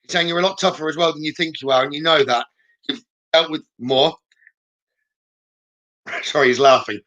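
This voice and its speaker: Bright-voiced male psychic, reassuring. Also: a little high, lo-fi sound. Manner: gentle, reassuring, frequent "okay?" checks; hesitant, with many "um" pauses. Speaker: psychic medium. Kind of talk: live-stream psychic reading.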